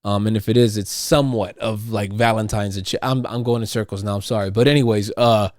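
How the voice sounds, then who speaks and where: A man's voice: lowish voice, steady tone, fairly quick, dry recording. Guy ranting on his own podcast at home, swears a lot, goes in circles, dead dry sound. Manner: profane, rambling, repeats and restarts; riled up and loud when ranting. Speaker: podcast host. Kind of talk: casual monologue. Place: at home, household noise nearby.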